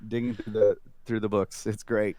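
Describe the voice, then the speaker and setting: A man's voice: on the low side, flat delivery, normal speed, dark tone, dry recording, studio quality. A man who is a guest on a casual podcast, telling stories in an easygoing way with fillers.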